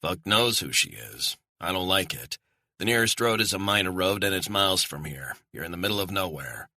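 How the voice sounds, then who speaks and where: A man's voice: low voice, expressive, fairly quick, sharp tone, no room sound, clean studio sound, heavily acted. Man voicing a blunt male handler. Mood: tense, blunt. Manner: blunt, clipped orders. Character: terse male covert handler on phone.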